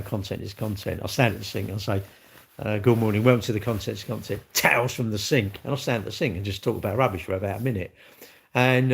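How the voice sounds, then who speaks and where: Brief: man, mid-pitched, gravelly, rambling livestream chat, reacts to comments. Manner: rambling, chatty, reads and answers viewer comments. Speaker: livestreamer and car dealer. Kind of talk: casual live stream chat. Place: at work, indoors.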